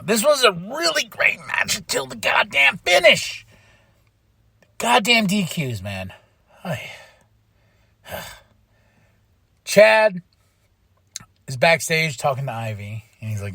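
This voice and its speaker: A man's voice: high-pitched, sing-song, takes it slowly, gravelly, pauses often, pushed and bright, no echo, clean studio sound. A man hosting a podcast, recapping wrestling in casual, profane chat and mimicking wrestlers as he goes. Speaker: podcast host.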